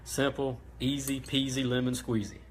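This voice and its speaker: Man, casual how-to livestream host, mid-pitched voice, relaxed and chatty, lots of ums and restarts. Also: normal speed, noisy background. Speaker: host of a racing parts livestream.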